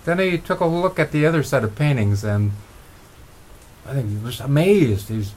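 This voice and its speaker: A middle-aged man at a mid pitch, telling motivational stories. He talks in a relaxed, rambling way with restarts, and there is a faint hum behind him. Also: moderate pace. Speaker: motivational speaker. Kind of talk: motivational storytelling.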